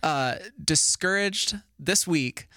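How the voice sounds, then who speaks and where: A man's voice: fairly high pitch, expressive, takes it slowly, pushed and bright, smooth, no room sound. A man co-hosting a podcast, rambling playfully through nerdy theories in casual chat. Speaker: podcast co-host.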